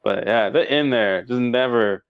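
A man's voice: medium pitch, unhurried, smooth, no echo. Man, casual movie chat, rambling, laughs a lot, dull dry lo-fi sound. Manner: rambling, emotional, laughs often, many restarts. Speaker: podcast co-host.

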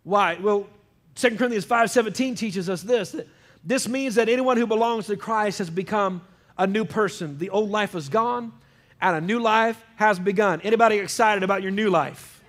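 Emphatic high-voiced male preacher. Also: normal speed, fairly bright tone. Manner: emphatic, calls out questions to the congregation. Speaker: pastor. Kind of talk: sermon.

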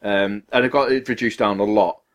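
A man's voice: on the low side, steady tone, a little fast. A young man, a podcast co-host, telling a story in casual chat with lots of swearing and acted-out quotes.

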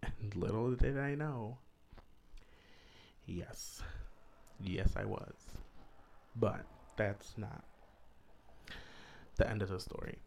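A man's voice: on the low side, takes it slowly, creaky, long pauses, a little mellow, slight background noise. Crude, joking young man telling a story. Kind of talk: casual storytime vlog.

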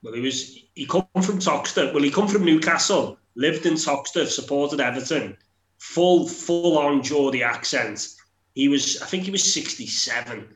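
A man's voice: on the high side, expressive, moderate pace. A man, chatting and swearing dryly as a podcast co-host. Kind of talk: casual banter. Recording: roomy echo.

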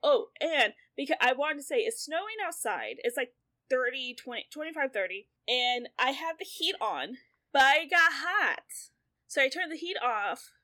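A woman in her late twenties chatting casually as a podcast co-host, animated and swearing a lot, often laughing through her words. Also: high voice, normal speed. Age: 20s. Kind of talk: casual chat.

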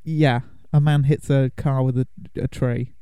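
A man's voice: medium pitch, steady tone, a little slow, mellow, clean tone, no room sound. A young man hosting a movie podcast, chatting casually and laughing often as he explains things. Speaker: podcast host. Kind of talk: casual chat.

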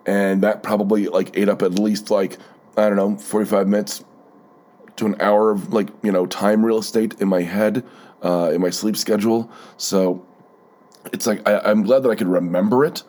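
A man's voice: on the low side, fairly even intonation, moderate pace, darkish tone. A man hosting a solo podcast, rambling through a sardonic, profane story with many fillers, a bit stuffed up from a cold. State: stuffy, keeps blowing his nose. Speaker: podcast host.

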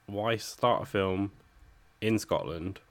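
A man with a very low voice chats casually as a podcast co-host, reviewing a film. He is wry and conversational and often turns his points into questions. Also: takes it slowly.

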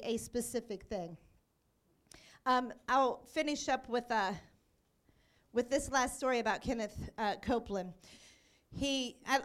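A woman teaching on scripture in an informal church setting, telling stories and acting out the quotes. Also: high-pitched. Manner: animated storyteller, acts out quotes.

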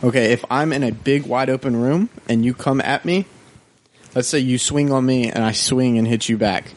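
A man in casual podcast chat, telling a story in a rambling, animated way and then explaining a point at length. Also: mid-range voice, moderate pace, slight background noise. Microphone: podcast microphone.

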